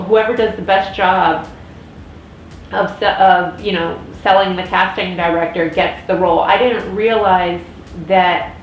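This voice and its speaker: A woman in her thirties with an American accent, rambling through a casual vlog rant with many fillers and restarts. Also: medium pitch. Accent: General American. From United States. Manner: chatty, frequent restarts and fillers. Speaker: vlogger. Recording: echoey room with faint noise.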